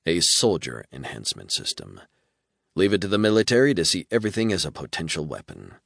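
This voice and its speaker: Deep-voiced male audiobook narrator. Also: huge pitch swings, a little fast, creaky, fairly bright tone, dry recording, studio quality. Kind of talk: scripted narration.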